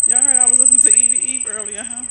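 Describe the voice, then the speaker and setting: A woman realtor chatting casually on a live stream, reading out viewer comments and answering them in a chatty, excitable way. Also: a little high, very fast, noisy background. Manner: chatty, excitable, easily emotional. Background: birds chirping faintly.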